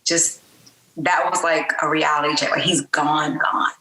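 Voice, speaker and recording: A middle-aged woman talks candidly as a podcast guest, her tone bright and forceful yet pitched a little low. She speaks openly and conversationally, with plenty of fillers. The room around her sounds echoey. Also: fairly even intonation, unhurried. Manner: open, conversational, frequent fillers. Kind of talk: candid personal interview.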